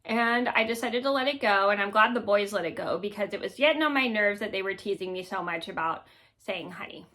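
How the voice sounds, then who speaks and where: A woman's voice: mid-range voice, brisk, a bit bright. A woman in her thirties casually telling a personal story to her viewers, rambling with many ums and restarts. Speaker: vlogger.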